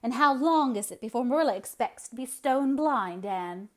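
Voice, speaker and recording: A woman's voice: fairly high pitch, expressive, moderate pace, pitched above the performer's own voice, natural voice. Woman doing a sour, scornful old spinster. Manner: scornful, contemptuous.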